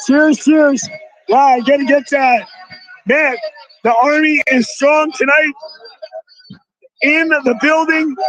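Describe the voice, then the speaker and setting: A man live-streaming outdoors at a rally, excitably shouting thanks to donors with a strained voice. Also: extremely high pitch, no room sound, low-quality recording. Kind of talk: excited live-stream chatter reading donations.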